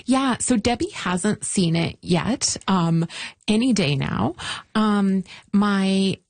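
A young woman answering interview questions about her film, earnest and warm, with many ums and restarts. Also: mid-range voice, expressive, slow pace, no room sound. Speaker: filmmaker guest.

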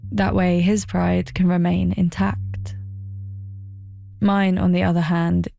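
A young woman tells her own story in a wry, self-deprecating documentary voice. Her tone is mellow and gravelly, pitched a little low, with soft music beneath. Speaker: documentary narrator. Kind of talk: personal documentary narration.

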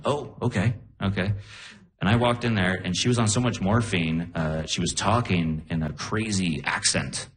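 A man telling stories on a live comedy stage in an animated way, into a handheld stage mic. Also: low-pitched. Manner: animated, storytelling. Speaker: stand-up comedian. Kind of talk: stand-up comedy set.

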